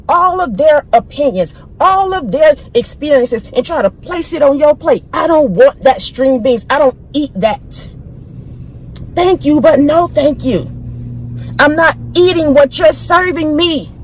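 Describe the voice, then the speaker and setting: Bold motivational speaker, woman, high voice, emphatic and repetitive. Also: lively intonation, unhurried, a little hiss or hum, rough recording. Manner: bold, emphatic, repeats phrases. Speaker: inspirational speaker. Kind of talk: preachy motivational monologue.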